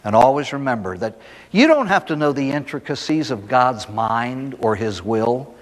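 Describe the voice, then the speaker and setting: Folksy priest in an echoey hall. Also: male voice, mid-range voice, lively intonation, moderate pace. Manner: folksy storytelling with rhetorical questions. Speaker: priest giving a recovery talk. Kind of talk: recovery talk to a live audience.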